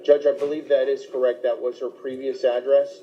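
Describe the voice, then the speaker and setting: A man speaking as a defense attorney in a courtroom, pleading for his clients in a halting way with fillers. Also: mid-range voice, flat delivery. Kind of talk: courtroom advocacy. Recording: dull, slightly noisy courtroom audio.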